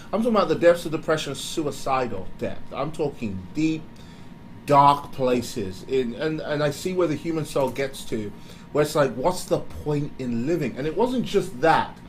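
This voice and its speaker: A man giving a candid motivational talk, animated and confessional, often breaking into laughter. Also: fairly high pitch, moderate pace, slight background noise, low-quality recording. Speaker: speaker.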